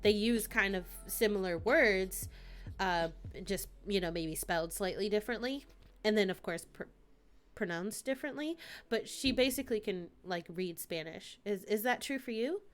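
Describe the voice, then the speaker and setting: A woman's voice: mid-range voice, moderate pace, soft background music. A young woman streamer chatting casually with her live viewers, rambling and laughing often. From United States.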